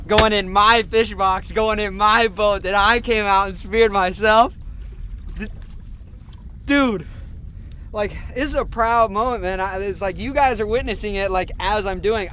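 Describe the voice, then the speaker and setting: Young male fishing vlogger, high-pitched and excitable, slangy, outdoors on a boat with faint background noise. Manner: excitable, slangy, peppered with "like" and "dude". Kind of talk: casual vlog narration.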